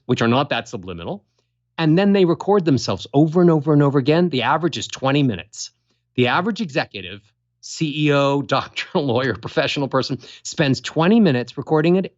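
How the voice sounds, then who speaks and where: A man's voice: fairly high pitch, dull audio. A man speaking as a voice coach guest in an interview, demonstrating voices and melodies as he explains. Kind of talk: animated interview talk.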